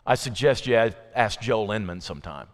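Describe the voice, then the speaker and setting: A man's voice: animated, moderate pace. A man preaching an evening sermon in a chatty, conversational way, asking his listeners questions and acting out quoted voices. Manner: acts out quoted voices with sudden pitch jumps. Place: church sanctuary. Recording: long hall reverb.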